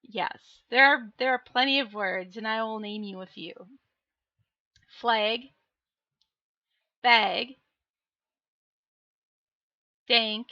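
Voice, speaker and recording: A woman's voice: a little high, pushed and bright, dry recording, dull audio. A woman with a Minnesotan accent, chatting casually on a live stream, reading chat messages aloud in a playful, teasing way. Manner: playful, teasing, drawn-out delivery.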